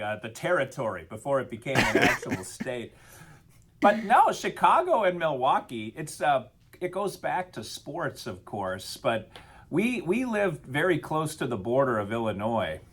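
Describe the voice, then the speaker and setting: A middle-aged man from Wisconsin rants in a mock-grumpy, over-the-top way while co-hosting a casual podcast. His pitch sits in the middle for a man but swings widely from line to line. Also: fairly bright tone, husky. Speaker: podcast co-host. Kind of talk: casual comedic podcast chat.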